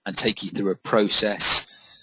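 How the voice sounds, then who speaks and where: Male presenter for a career webinar, plain-spoken, slightly low, husky. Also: fairly even intonation, measured pace, sharp tone, dry recording, rough recording. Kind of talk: webinar-style talk.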